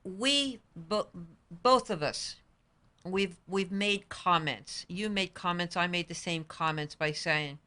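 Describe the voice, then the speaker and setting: A woman's voice: on the low side, slow pace, pushed and bright. A woman hosting a talk show, asking earnest questions and telling family stories in casual chat. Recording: 2012 public-access talk show studio.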